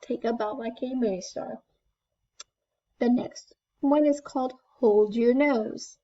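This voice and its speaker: A woman teaching a first grade class remotely, speaking in slow, clear, encouraging steps. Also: fairly high pitch, muffled recording.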